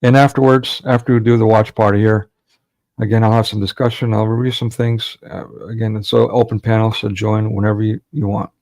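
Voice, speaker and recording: A man's voice: lowish voice, little pitch movement, brisk, a little mellow, no echo. A man hosting a livestream watch party, preaching with fervent, rhetorical force. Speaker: livestream host.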